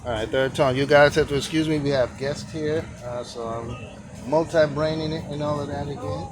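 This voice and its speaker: A fairly high-pitched man speaks at a moderate pace with fairly even intonation over a noisy background. He runs an outdoor sidewalk tea stand by the street and, in a rambling vlog, casually teaches characters while counting strokes out loud.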